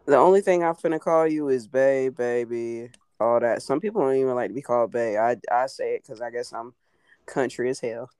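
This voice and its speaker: A woman's voice: very deep voice, a little fast, a little mellow, clear, resonant tone, dry recording. A young woman, chatting casually, brash, emphatic and swearing freely. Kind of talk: casual chat.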